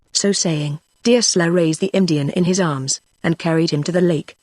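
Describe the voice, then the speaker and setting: A text-to-speech voice narrating a classic novel in an even, measured computer reading. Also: mid-range voice, dry recording. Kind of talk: synthetic audiobook narration.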